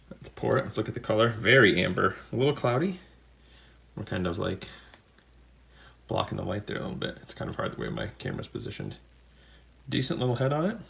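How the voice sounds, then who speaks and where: Chatty low-voiced man vlogging. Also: vocal fry, a bit bright. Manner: chatty and rambling, with jokey asides. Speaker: unboxing video host. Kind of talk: casual unboxing and beer tasting chat.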